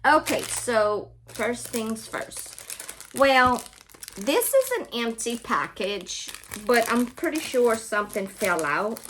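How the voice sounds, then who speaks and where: Woman host, slow easy delivery, chatty and gushing, casual vlog. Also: fairly high pitch, very animated, a bit bright, a little hiss or hum. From Louisiana, US. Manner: chatty, gushing, talks straight to viewers with lots of "y'all". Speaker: craft and book channel host.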